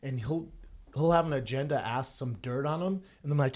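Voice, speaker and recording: Male podcast co-host, mid-pitched, loose and casual, swears freely. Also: fairly quick, darkish tone. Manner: loose, profane banter. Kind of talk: casual chat.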